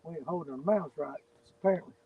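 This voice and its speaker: A man chats and teases his buddy while fishing on a lake. His voice sits a bit high, and he talks in an easy, drawling banter. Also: quick pace, gravelly, slightly rough, no room sound, phone-quality sound. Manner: joking, drawling banter with a friend. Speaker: fishing video host. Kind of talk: casual chat while fishing. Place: outdoors on a boat on a lake.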